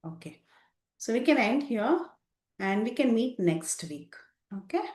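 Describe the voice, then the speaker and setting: A woman teacher telling a scripture story to a class, animated and with frequent fillers. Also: fairly high pitch, a little slow. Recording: roomy echo.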